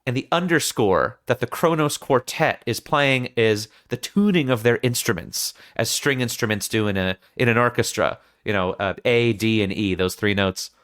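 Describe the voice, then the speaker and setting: A man hosting a film podcast who retells scenes in an animated way and acts out the quotes. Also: medium pitch, moderate pace, few pauses, smooth. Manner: animated storytelling with acted-out quotes. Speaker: podcast host.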